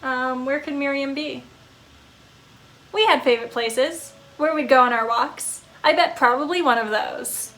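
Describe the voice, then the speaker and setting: A woman voicing an eager, friendly male ghost dog who talks in a loud, bouncy, jokey way. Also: high-pitched, measured pace. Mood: wistful.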